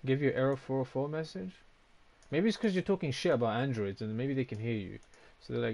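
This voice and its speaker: A man's voice: mid-range voice, fairly quick, creaky, darkish tone. A man streaming a game, chatting casually with his viewers, reading out and answering comments, with frequent swearing. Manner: casual, swears often, reacts to chat.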